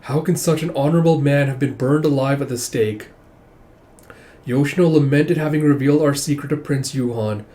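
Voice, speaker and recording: A man with a mellow, relaxed voice at an ordinary pitch walks through a comic volume in a casual way. He keeps saying who is talking before reading each line out. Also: moderate pace. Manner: paraphrases and reads quoted dialogue, "he's like". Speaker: comic book reviewer.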